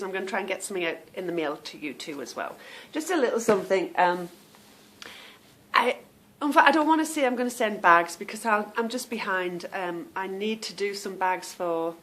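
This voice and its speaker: A woman's voice: medium pitch, expressive, normal speed, a bit bright. A woman hosting a podcast, chatting casually at home and calling her listeners "girl" and "girlies". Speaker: podcast host. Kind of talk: casual chat.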